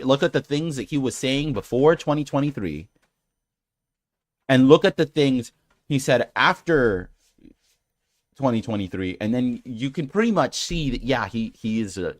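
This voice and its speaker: A man's voice: mid-range voice, no room sound, studio quality. A man hosting his own channel, rambling through a casual rant with many fillers and restarts, sounding exasperated and incredulous. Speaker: channel host. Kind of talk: casual rant reacting to comments.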